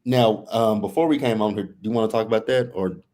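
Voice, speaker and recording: A man co-hosting a casual live review chat, relaxed and chuckling, often restarting his sentences. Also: lowish voice, quick pace. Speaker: co-host.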